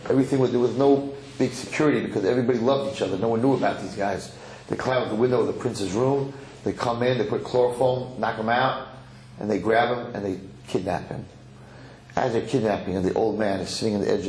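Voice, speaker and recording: A man, a rabbi, telling a long story in an animated way and acting out the characters during a sermon. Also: fairly low pitch, roomy sound, slight background noise, low-quality recording.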